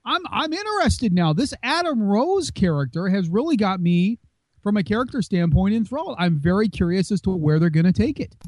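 A man's voice: high voice, sing-song, fairly quick, darkish tone, no echo. A man co-hosting a casual wrestling podcast, rambling and teasing with many restarts. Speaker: podcast co-host.

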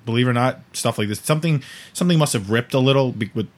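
Recounting an embarrassing episode for laughs, this male podcast host voices each person's dialogue himself in an animated, laughing style. His voice is medium in pitch and his pace quick.

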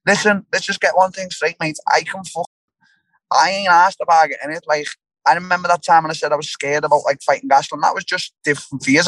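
Blunt English fighter, casual and sweary. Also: male voice, fairly high pitch, a bit bright, no echo, poor audio. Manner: casual, blunt, swearing, lots of restarts and fillers. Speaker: fighter, guest. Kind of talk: casual interview chat.

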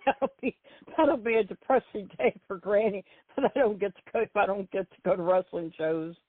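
A woman's voice: mid-range voice, normal speed, dry recording. Older woman chatting over a tinny phone. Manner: rambling, chatty, repeats herself. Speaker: guest, wrestling fan. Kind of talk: casual phone chat. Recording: tinny dry phone line.

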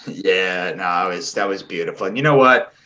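Deep-voiced man, casual football chat. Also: moderate pace, sharp tone, dull audio. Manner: rambling, many fillers and restarts. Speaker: podcast co-host.

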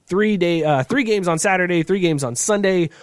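A man's voice: high-pitched, normal speed, no room sound. A man hosting a casual podcast chat over a video call, loose and joking, laughing often. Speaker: podcast host.

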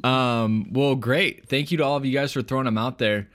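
A man's voice: medium pitch, steady tone, moderate pace, a bit bright. A man hosting a casual podcast chat, leading the talk and laughing easily. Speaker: podcast host.

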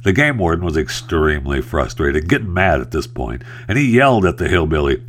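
Wry male host, very low voice, loose joke-telling monologue. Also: sing-song, a little fast. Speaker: radio host. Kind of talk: casual talk-show monologue.

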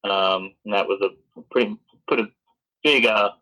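Low-voiced man, halting sports chat. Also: fairly even intonation, bright, forceful tone, poor audio. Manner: halting, many fillers. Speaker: podcast co-host.

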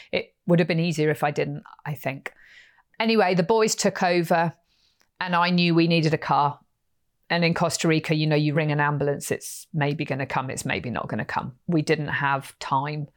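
Slightly low woman telling a vivid story. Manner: animated, vivid retelling with acted-out quotes. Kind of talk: personal storytelling.

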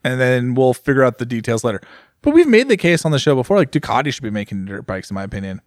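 A young man co-hosting a casual podcast chat, animated and rambling, filling his speech with "like". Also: medium pitch, fast, no echo, clean studio sound. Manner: animated, rambling, heavy use of "like". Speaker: podcast co-host.

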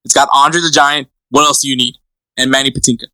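Bright-voiced young man, teasing. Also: mid-range voice, fairly even intonation, fast, no echo. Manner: filler-heavy, teasing, reads out lists. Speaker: podcast co-host. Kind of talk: casual chat.

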